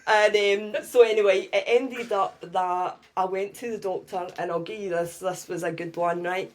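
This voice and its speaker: A middle-aged Scottish woman, a podcast guest, telling a personal story in a lively way and often adding "right?". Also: medium pitch, normal speed.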